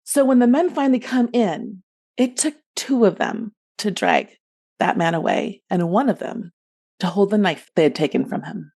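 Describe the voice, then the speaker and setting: An adult woman telling a rehearsed personal story as a podcast guest, expressive and loud when acting out yells. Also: mid-range voice, moderate pace, gravelly, husky.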